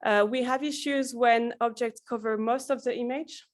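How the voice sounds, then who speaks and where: Woman presenter, fairly high voice, explaining technical slides, often restarts and corrects herself. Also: steady tone, moderate pace. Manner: explanatory, with frequent self-corrections and filler sounds. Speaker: conference tutorial presenter.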